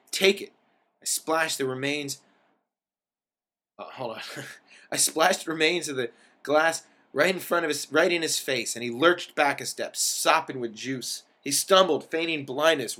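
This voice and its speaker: A man's voice: fairly high pitch, bright, forceful tone. A man reading a first-person story aloud in a wry manner, lingering over descriptive words.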